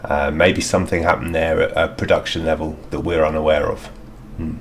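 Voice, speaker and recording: A man's voice: a bass voice, flat delivery, brisk, a little hiss or hum. A man outdoors in a garden, talking through a DIY product review in a rambling, hesitant way with many fillers.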